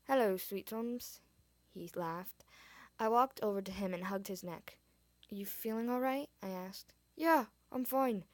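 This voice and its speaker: A woman voicing a tired, injured young man in a story she reads aloud, talking slowly and dully. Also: medium pitch, a little mellow, no echo, close to an everyday voice. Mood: weary. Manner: slow, dull, grumbling.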